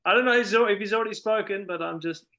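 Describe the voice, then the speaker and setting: Polite, deferential man with a bright, slightly high, flat-pitched voice. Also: very fast, low-quality recording. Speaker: class participant. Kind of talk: polite request on a video call.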